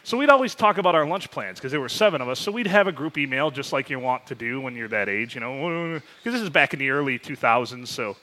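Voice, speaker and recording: A man's voice: mid-range voice, expressive, fast talker, few pauses, pushed and bright. A man in his forties, a podcast co-host, telling rambling, joking stories and swearing casually. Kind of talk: casual chat.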